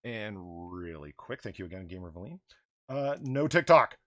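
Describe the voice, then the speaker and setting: Guy hosting a livestream, lowish voice that jumps all over, dry close sound. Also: moderate pace, dry recording. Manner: rambling, animated, reads donations aloud. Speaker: stream host. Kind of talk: casual livestream chat.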